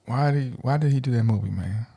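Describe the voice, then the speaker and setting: A man's voice: mid-range voice, quick pace, creaky, mellow. A man in his thirties co-hosting a podcast, rambling casually and tacking "man" onto his sentences. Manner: laid-back, rambling, says "man" a lot. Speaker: podcast co-host. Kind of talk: casual chat.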